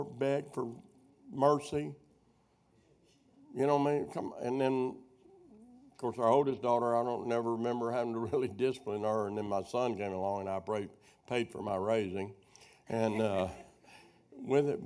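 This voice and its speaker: A middle-aged preacher with a gravelly voice tells homespun stories to teach his class. He rambles, wanders off track and circles back to pick up the thread. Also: medium pitch, moderate pace, darkish tone. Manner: rambling storyteller who loses his thread and doubles back. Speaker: preacher teaching a prophecy workshop. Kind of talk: folksy teaching sermon with personal stories.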